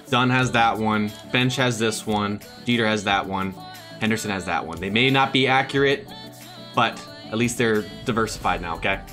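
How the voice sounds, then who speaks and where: Over soft background music, a young man commentates his own game live as a gaming YouTuber. His bright, forceful voice is excitable, jumping from hype shouts to low muttered asides, and he sounds close to a home desk mic.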